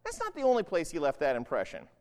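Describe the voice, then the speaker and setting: A man's voice: fairly high pitch, huge pitch swings, fast talker. A man preaching a sermon in a casual, conversational way, often checking in with "right?". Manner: conversational, keeps asking "right?". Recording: long hall reverb.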